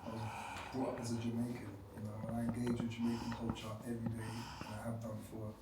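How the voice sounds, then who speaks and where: Soft-spoken man in echoey room. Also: medium pitch, monotone, fast. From London, England. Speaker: panel speaker. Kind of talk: reflective discussion. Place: indoor room with an audience. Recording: echoey room, distant, faint hiss.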